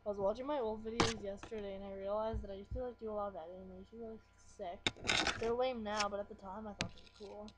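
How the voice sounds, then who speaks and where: Speaking quickly in a mid-range voice with fairly even intonation, the teenager mumbles and swears through a rambling at-home webcam vlog about how bored she is. The sound is dull and lo-fi, with a faint hiss.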